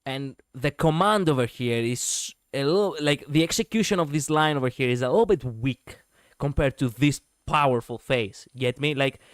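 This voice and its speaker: Talking at a moderate pace in a mid-range voice, this man streams himself reviewing lore videos and reacting casually. He sits close to the mic in a dry recording, rambling with many fillers and a swear word here and there.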